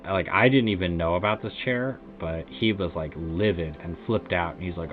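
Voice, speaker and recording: At a normal speed with few pauses, a low-voiced American man streaming a game spins a rambling, casual tale full of "uh" and "like." The recording has a tinny, phone-ish quality and faint background music.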